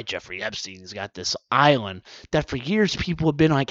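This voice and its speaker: A man's voice: medium pitch, expressive, normal speed, hardly any pauses, no echo. A man delivering a profane comedic rant with mocking asides, swearing often. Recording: dull lo-fi dry recording.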